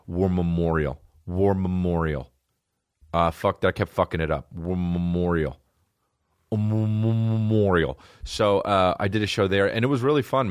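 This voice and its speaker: A man's voice: sits low, no echo. A man hosting a podcast, delivering a rambling, profane, jokey comedic monologue in a studio. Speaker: podcast host.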